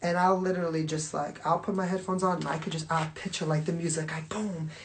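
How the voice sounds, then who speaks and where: A woman's voice: fairly low pitch, steady tone, fairly quick, slight background noise. A woman talking casually to viewers on a phone livestream, rambling and swearing freely with constant fillers. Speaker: livestream host.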